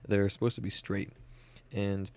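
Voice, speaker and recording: A man's voice: fairly low pitch, level tone, unhurried, no echo. A young man talking casually through a photo editing tutorial, explaining each step with plenty of "uh" and "um". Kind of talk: screen-recorded software tutorial.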